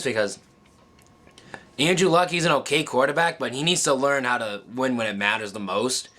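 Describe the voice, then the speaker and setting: A man with a bright, forceful tone talks straight to his viewers about the playoffs. He halts often, restarting his sentences and filling gaps with ums. He sounds close to tears. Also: medium pitch. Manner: halting, many ums and restarts, choked up. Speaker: sports vlogger. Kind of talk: casual emotional monologue.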